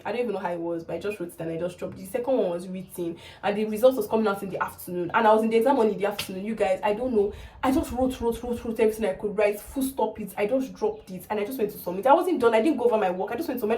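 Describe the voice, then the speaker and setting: A young woman with a Nigerian accent, a vlogger telling her story to camera fast and excitably. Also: medium pitch, distant mic. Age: young adult.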